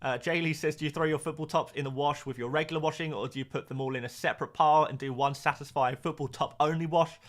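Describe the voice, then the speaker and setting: A man's voice: a little high, steady tone, fast talker, few pauses. A young man chatting casually on a live stream, reading out viewer comments in a self-mocking, rambling way. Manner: chatty, self-mocking, repeats words and restarts. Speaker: fantasy football streamer.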